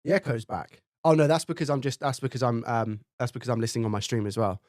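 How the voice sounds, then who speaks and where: A man's voice: mid-range voice, steady tone, fast talker, darkish tone, no echo. A man hosting a live stream in casual chat, thinking aloud and testing his microphone up close with repeated checks. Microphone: studio dynamic mic, close up.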